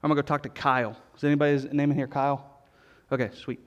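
A male pastor preaching a sermon, telling stories with repeated refrains in an animated way. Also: medium pitch, fast, lo-fi sound. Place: church sanctuary. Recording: long reverb of a church hall.

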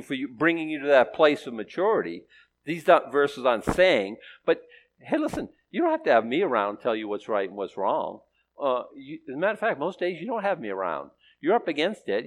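A man preaching a conversational sermon, chatty and self-questioning, with playful asides to the congregation. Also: medium pitch. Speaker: pastor.

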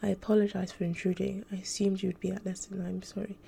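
A woman reading a shy, timid female angel maid in an audiobook, speaking softly and apologetically. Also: mid-range voice, little pitch movement, fast talker, creaky, husky. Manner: soft, hesitant, apologetic.

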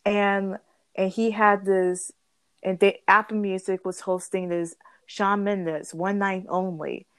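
A woman's voice: medium pitch, level tone, takes it slowly, clean tone, no echo. A young woman telling a story in a bubbly, rambling way, often correcting herself and giggling. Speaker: guest storyteller. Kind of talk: casual storytelling.

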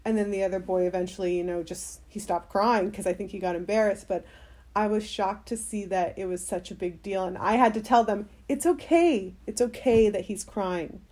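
Mellow-voiced young woman, rambling chat. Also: medium pitch, steady tone, brisk. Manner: rambling, many fillers. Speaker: podcast co-host. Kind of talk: casual chat.

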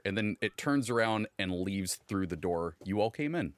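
A man's voice: on the low side, measured pace, no room sound, clean studio sound. A man narrating as game master, voicing hotel staff in a stiff, formal way.

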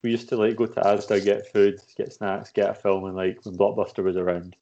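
Mellow-voiced man, animated anecdotes. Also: fairly low pitch, fairly quick. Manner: animated anecdotes, swears freely. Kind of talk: casual chat. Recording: dull lo-fi sound.

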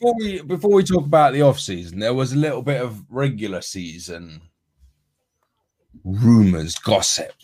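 A man's voice: medium pitch, sing-song, normal speed, darkish tone. A man co-hosting a casual sports podcast, rambling with lots of ums and restarts. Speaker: podcast co-host.

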